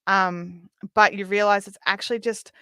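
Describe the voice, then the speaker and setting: A woman's voice: mid-range voice, fairly even intonation, sharp tone, smooth, no echo, clean studio sound. A young Australian woman hosting a craft livestream, chatting casually while she knits and reads out viewer comments. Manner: chatty, laughing, quick asides with many ums.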